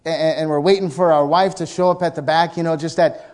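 A man preaching a sermon, telling a story with lively asides and acting out characters in excited voices. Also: fairly high pitch, fast, hardly any pauses, some chatter behind, a little hiss or hum.

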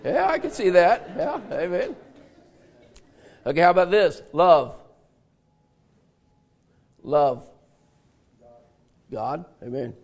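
Gravelly high-voiced preacher man. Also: big pitch swings, slow pace, pauses often, darkish tone. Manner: interactive, asks congregation and repeats answers; folksy storytelling with laughs. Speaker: pastor. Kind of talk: sermon.

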